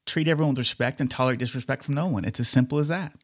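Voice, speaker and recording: A man's voice: medium pitch, dry recording, clean studio sound. A man hosting a conversational interview, rambling and restarting as he searches for words. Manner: reads sponsor ad quickly. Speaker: podcast host.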